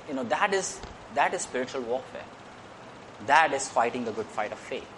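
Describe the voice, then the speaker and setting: A man's voice: mid-range voice, lively intonation, normal speed, noisy background. A man preaching a sermon in an earnest way. He repeats phrases and lifts his voice on key points.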